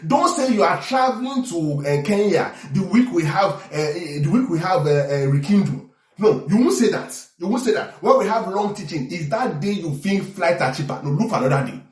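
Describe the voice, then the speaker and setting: A man preaching a sermon as pastor, animated, often checking in with the congregation. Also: high-pitched, normal speed. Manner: animated preaching with call-and-response asides. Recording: echoey room from far off.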